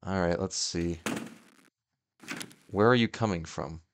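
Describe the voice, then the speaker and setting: Talking slowly in a low-pitched voice, this young YouTuber chats to the game he's playing, excitably yelping and laughing at events on screen. There's background noise behind his casual commentary.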